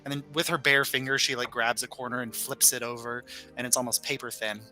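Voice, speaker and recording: A man running a tabletop game as game master, describing market stalls with many ums and pauses. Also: medium pitch, fairly even intonation, pushed and bright, soft background music. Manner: hesitant, lots of ums while describing scenes.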